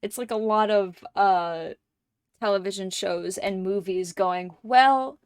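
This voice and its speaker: Slow-talking woman streamer, dry sound. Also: medium pitch, flat delivery, a little mellow, smooth, no echo. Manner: candid, profane, emotional. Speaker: livestream gamer. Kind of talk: casual chat while streaming a game.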